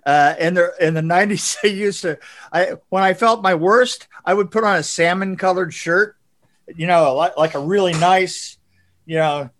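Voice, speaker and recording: High-voiced older man, profane storyteller. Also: normal speed, fairly bright tone. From California. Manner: profane, laughing, rambling storyteller. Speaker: guest, production designer. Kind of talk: casual interview storytelling.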